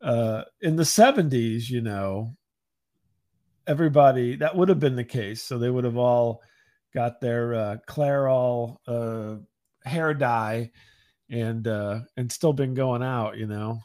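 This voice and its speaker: A man co-hosting a podcast, speaking haltingly with many fillers and dry wit. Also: medium pitch, dark tone. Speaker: podcast co-host. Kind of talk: casual chat.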